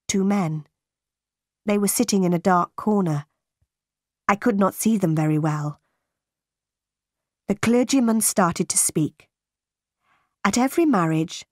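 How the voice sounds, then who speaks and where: A woman narrating a graded reader for English learners in a clear, careful, deliberate way. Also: mid-range voice, dry recording, clean studio sound. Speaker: audiobook narrator.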